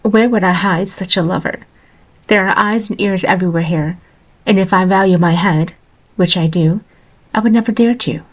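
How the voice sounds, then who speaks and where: A woman's voice: fairly low pitch, moderate pace, natural voice. A woman voicing a neglected young queen in a storybook reading, pleading and tearful in tone. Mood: cool.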